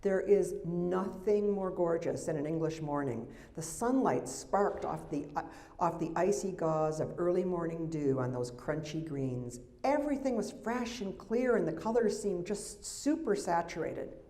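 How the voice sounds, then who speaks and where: A woman's voice: on the low side, expressive, a little slow, dark tone. An older woman, an author, reading her memoir at a live library event, with wry, chatty asides into a microphone. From United States. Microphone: handheld or stand mic.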